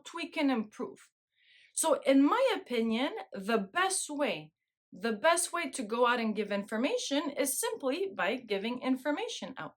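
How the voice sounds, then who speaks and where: Middle-aged woman host, talky and loose, laughs a lot, voice sits a bit high. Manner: chatty, laughs often, keeps asking "right?". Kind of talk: casual monologue to camera.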